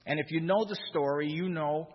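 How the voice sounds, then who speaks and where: A man's voice: a little high, normal speed, breathy edge, muffled recording. Preaching man in an echoing hall. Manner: preaching with swells of emphasis and repeated phrases. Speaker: pastor. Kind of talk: sermon.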